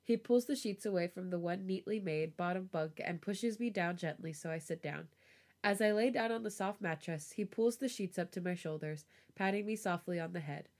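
A woman reading a romance story aloud on a podcast, with a relaxed storytelling voice. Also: fairly low pitch, normal speed. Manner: laughs often, giggly reactions. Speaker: podcast host reading fan fiction aloud.

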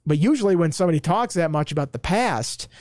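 A man talking casually on a podcast as a sports reporter, telling stories with quick asides. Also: fairly high pitch, animated, darkish tone, no echo, studio quality. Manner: chatty storyteller, quick asides.

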